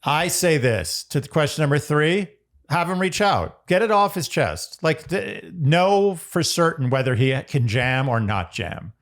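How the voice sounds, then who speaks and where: A man's voice: on the high side, very animated, unhurried. A man co-hosting an advice podcast, blunt and joking in casual chat. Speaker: podcast co-host.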